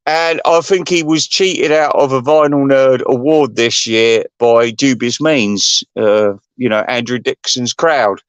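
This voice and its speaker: A man's voice: mid-range voice, unhurried, hardly any pauses, clear, resonant tone, no room sound. A man hosting his channel, ranting in a rambling, gossipy and profane way. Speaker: channel host. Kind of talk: rambling livestream rant.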